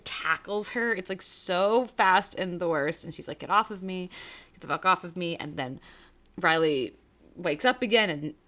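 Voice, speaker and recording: A young woman co-hosts a casual recap podcast, talking in an emotional, rambling way and swearing freely. Her voice is bright and forceful, sitting a little low in pitch. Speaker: podcast co-host.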